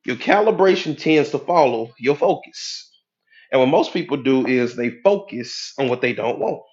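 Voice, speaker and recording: A man giving a preachy, animated motivational talk as a life coach, acting out the voices of people he quotes. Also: medium pitch, moderate pace, muffled recording. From United States.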